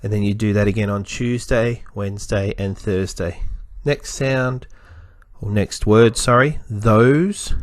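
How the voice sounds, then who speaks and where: Slow, careful male teacher sounding out letters. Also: on the low side, steady tone, no echo. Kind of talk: spelling lesson for children.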